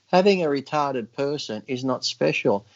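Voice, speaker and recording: A man chatting on a podcast in a blunt, profane way, full of crude jokes and quick mocking voices. His voice sits in a middling range. The audio is a bit dull and lo-fi. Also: medium pitch, expressive. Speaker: podcast guest. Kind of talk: casual podcast chat.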